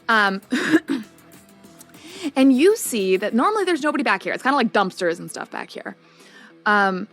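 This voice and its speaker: A woman narrating as game master of a tabletop game stream, chatty and full of ums. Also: mid-range voice. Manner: chatty, lots of ums, quick asides.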